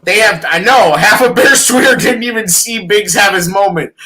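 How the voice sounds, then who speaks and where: Excitable, bright-voiced man. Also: high-pitched, normal speed, a little hiss or hum, rough recording. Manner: excited, profane, animated storytelling. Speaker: podcast co-host. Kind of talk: casual sports talk.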